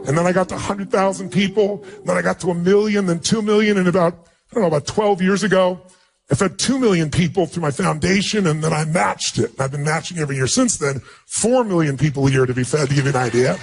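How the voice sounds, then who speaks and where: A man's voice: sits high, fast talker, vocal fry. A man giving a motivational speech, telling a personal story to an audience and acting out dialogue with emphasis. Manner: emphatic, acts out dialogue in a raised voice. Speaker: motivational speaker.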